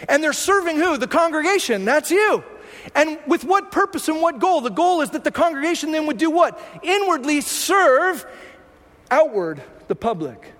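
High-voiced preacher in an echoing church. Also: male voice, fairly bright tone. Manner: conversational, rhetorical questions. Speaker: pastor. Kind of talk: sermon. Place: church sanctuary. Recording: long hall reverb.

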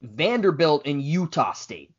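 A man in a sports chat needles and argues with his co-hosts. His voice sits slightly high and swings widely in pitch. The recording sounds dull and lo-fi. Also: sing-song, husky. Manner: quick, needling, argumentative. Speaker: podcast co-host. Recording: dull lo-fi podcast audio.

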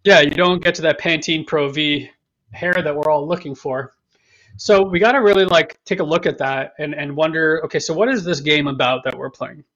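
Rambling man on a podcast, higher-pitched. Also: normal speed, a bit bright. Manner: rambling, repeats himself, jokey. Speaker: podcast co-host. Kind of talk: casual podcast talk. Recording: dull lo-fi sound.

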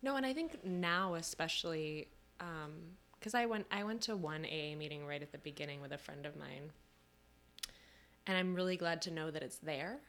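Low-pitched woman hosting a casual chat. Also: normal speed. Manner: supportive, gentle questions. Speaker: podcast host.

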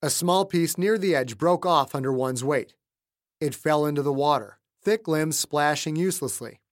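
A man narrating his own thriller audiobook in a dramatic scripted style, shifting between hushed lines and shouted dialogue, recorded on a close studio mic. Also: a little high, normal speed, no echo. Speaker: author and narrator.

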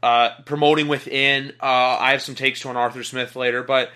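Male co-host, bright, rambly, mid-pitch, casual. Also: little pitch movement, moderate pace, clear, resonant tone. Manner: rambling, many fillers, talks in long runs. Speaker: podcast co-host. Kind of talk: casual sports debate.

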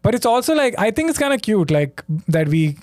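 A comedian from India, a guest on a podcast, talking in a relaxed, measured way. His voice sits a bit high. The sound is close and dry. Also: dry recording. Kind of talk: casual podcast chat.

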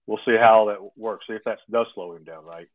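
A man's voice: fairly low pitch, a little fast, no room sound. Man on a tinny, phone-like line. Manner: rambling, restarts often, tags thoughts with "right?". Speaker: former college football player, guest. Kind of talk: casual interview talk. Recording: phone-like remote call, dry.

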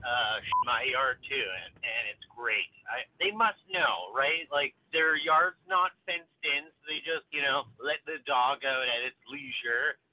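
A man's voice: medium pitch, expressive, measured pace, few pauses, a little hiss or hum. A man calling in to a radio show, wryly complaining about a neighbor. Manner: wry, complaining. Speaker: caller. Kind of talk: phone-in complaint. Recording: dull phone line.

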